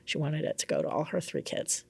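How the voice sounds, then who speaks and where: A woman's voice: deep voice, a little fast, gravelly, husky. A middle-aged woman from Hawaii, a psychic and spiritual teacher, telling stories in a casual interview and acting out quoted voices. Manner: animated storyteller, acts out quoted voices, laughs often.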